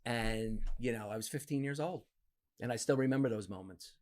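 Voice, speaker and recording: A man in his fifties from New Jersey, a podcast guest telling stories from his life in a casual, animated way. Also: fairly quick. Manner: animated, acts out quoted voices with big pitch jumps. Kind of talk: casual storytelling interview.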